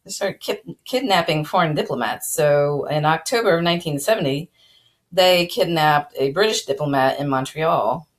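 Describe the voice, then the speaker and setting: Woman host, low voice, relaxed rambling history chat with fillers and chuckles. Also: moderate pace. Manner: rambling, many fillers and restarts; chuckles now and then while talking. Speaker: channel host. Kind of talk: casual spoken history talk.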